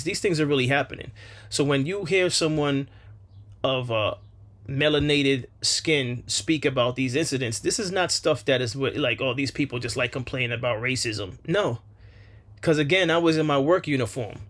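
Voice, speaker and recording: A man's voice: mid-range voice, fairly bright tone. A man hosting his own channel, giving solo commentary on a news story in an earnest, emphatic way, often repeating himself to stress a point. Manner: earnest and repetitive, with emphatic restarts. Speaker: channel host.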